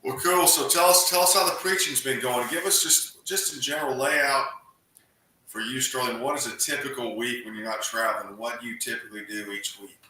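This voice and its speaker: Male interview host, sharp bright tone, far from the mic in a very echoey room, casual storytelling. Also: mid-range voice, fairly even intonation, fairly quick. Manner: storytelling, friendly questions. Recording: very echoey room, distant mic, faint noise.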